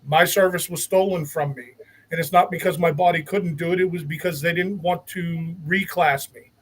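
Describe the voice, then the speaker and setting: A man's voice: on the high side, fairly even intonation, normal speed, breathy edge, rough recording. A man speaking as a guest in casual talk, earnest and opinionated, often repeating words as he starts a thought. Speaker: guest, veteran.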